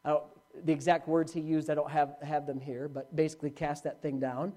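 A man preaching a sermon as pastor, telling a story with swings from loud to hushed. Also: on the high side, level tone, fairly quick.

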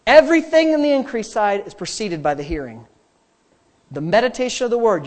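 A male pastor preaching a sermon, repeating phrases for emphasis and at times dropping to a quiet, prayerful tone. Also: sits high, sing-song, brisk.

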